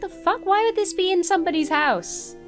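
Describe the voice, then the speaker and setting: A woman's voice: very high-pitched, music in the background. A woman giving sarcastic, swear-filled commentary while playing a video game. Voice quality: sarcastic, swears, quick to laugh. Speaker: let's play commentator. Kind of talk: gameplay commentary.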